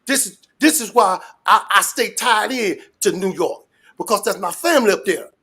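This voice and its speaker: A man's voice: sits high, lively intonation, moderate pace, slightly rough. Man, Southern accent, raised voice, profane rant, rambling storyteller. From Birmingham, Alabama. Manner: loud, cussing, rambling storyteller. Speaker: guest commentator. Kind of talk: profane ranting commentary.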